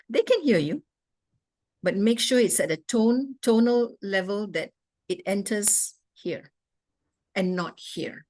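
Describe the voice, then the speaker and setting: Woman doctor giving an emphatic talk. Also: fairly low pitch. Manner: emphatic, repeats rhetorical questions. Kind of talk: interactive health talk with Q and A.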